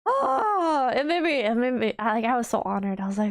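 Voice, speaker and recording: On her livestream, a female VTuber chats casually at a moderate pace. She gushes in a bubbly way, stacks up fillers and restarts, and her voice swoops high whenever she gets excited.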